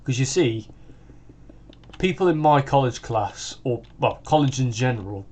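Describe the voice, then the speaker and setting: Lively in intonation but a little slow, this medium-pitched, slightly mellow voice comes from a sixteen-year-old British gaming host. As he plays, his casual chat wanders, with frequent "like"s and restarted sentences.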